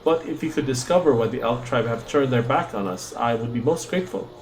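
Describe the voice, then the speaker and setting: A man reading a gentle, wise old male druid from a game, calm and solemn. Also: mid-range voice, brisk, slight background noise, close to an everyday voice. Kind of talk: reading game dialogue aloud.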